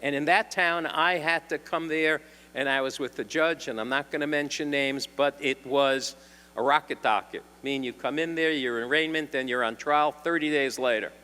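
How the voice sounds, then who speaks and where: An older man with a New York accent tells a story in a wry, anecdotal way, with restarts and the odd cleared throat. His voice sits a little high for a man. It rings with long reverb from a lecture hall. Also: steady tone, normal speed, sharp tone. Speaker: defense attorney speaker. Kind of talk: storytelling talk.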